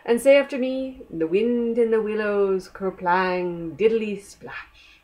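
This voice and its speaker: A woman's voice: medium pitch, slow pace, a little mellow, close to an everyday voice, poor audio. A woman voicing a helpful, jolly male toad in a children's story, chummy and upbeat.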